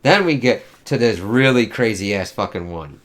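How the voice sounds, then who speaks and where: A man's voice: lowish voice, animated, moderate pace, fairly bright tone. A man giving a casual, rambling comic book review, swearing often and filling gaps with "uh" and "like". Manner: rambling, profane, many fillers.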